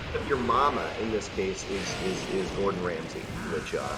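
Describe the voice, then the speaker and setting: A man's voice: low voice, animated, normal speed, a loud crowd. A man co-hosting a charity game stream, chatting casually and riffing on silly jokes. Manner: rambling, jokey, restarts. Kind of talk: casual joking stream chat. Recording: loud music behind.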